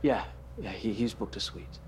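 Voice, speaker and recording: A man's voice: lowish voice, moderate pace, a little mellow, a little hiss or hum, natural voice. A man playing a hesitant office worker. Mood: awkward. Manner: hesitant, stammering and apologetic. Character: awkward, polite office worker, suspicious husband.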